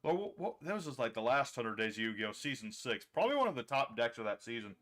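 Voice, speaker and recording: Bright-voiced chatty male game streamer. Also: mid-range voice, big pitch swings, fast. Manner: chatty, thinks aloud and reads chat. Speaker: streamer playing a card game. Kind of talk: casual livestream commentary.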